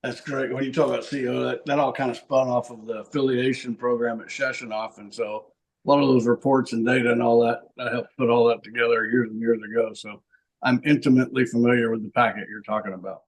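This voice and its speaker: A man's voice: medium pitch, level tone, fast talker, rough recording. A man hosting a podcast interview, easygoing and affirming as he sets up his questions. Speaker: podcast host.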